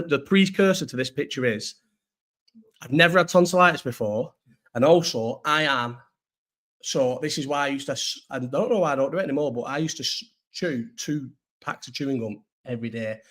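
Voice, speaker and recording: A man's voice: medium pitch, brisk. A young man chatting casually on a livestream, rambling and swearing, with a sore throat. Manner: rambling, sweary, restarts often. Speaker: host.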